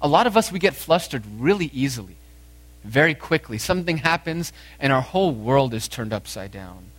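A man preaching a sermon, lively and animated, acting out the dialogue as he tells it. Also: medium pitch, a little fast. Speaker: pastor.

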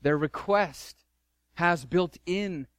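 A man's voice: on the high side, drawn-out words, smooth, no room sound. A middle-aged man preaching a sermon as pastor, fervent and emphatic, repeating key phrases.

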